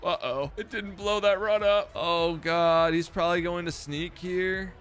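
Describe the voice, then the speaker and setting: A young man giving loud, profane, self-mocking commentary while streaming a football video game. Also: high-pitched, steady tone, a little slow, faint music behind. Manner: profane, self-mocking trash talk with sudden outbursts. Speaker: gaming streamer. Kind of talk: live gameplay commentary.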